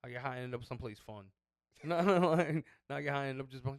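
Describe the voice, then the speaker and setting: Male podcast co-host, rapid delivery, dry close sound, casual slang-heavy storyteller. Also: mid-range voice, vocal fry, no room sound. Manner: loose, profane storytelling with slang. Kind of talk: casual chat.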